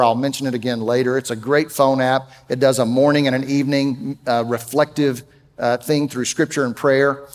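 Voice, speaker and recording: A middle-aged man preaching a sermon as pastor, emphatic and rising loud when he quotes scripture. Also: mid-range voice, in a large hall. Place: church sanctuary.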